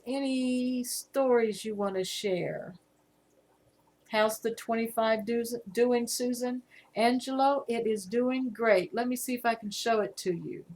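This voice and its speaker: A woman in her fifties with a Southern US accent, casually chatting on a live stream and reading viewer comments aloud. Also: medium pitch. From Virginia, USA. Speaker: livestream host.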